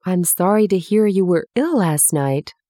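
A woman's voice: lowish voice, lively intonation, a little slow, warm tone, dry recording, studio quality. Bustling anxious doctor in a storybook, read by a woman. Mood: worried. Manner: bustling, worried. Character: fussy middle-aged male doctor.

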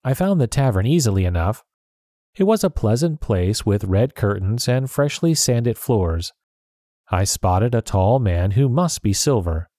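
A man narrating a story in a measured, steady reading. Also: lowish voice, no room sound, clean studio sound.

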